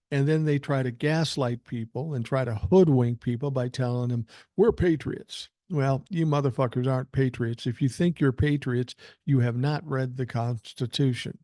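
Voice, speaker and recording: Blunt older man with a mellow voice. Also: medium pitch, fairly even intonation, moderate pace, dry recording, studio quality. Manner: blunt and emphatic, swears freely. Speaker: podcast host. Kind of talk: political podcast commentary, reading listener emails aloud.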